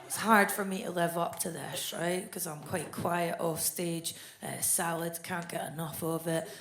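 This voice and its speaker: A woman in her thirties with a Scottish accent, doing a blunt, deadpan stand-up comedy set on a club stage. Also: fairly low pitch, measured pace. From Scotland. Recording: echoey club with crowd noise.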